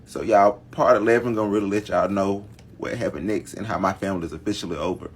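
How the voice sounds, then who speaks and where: A man's voice: fairly low pitch, quick pace, slight background noise. A man telling a long family story in casual storytime fashion, dramatic and talking straight to his viewers. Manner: dramatic, addresses viewers directly. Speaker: storytime vlogger.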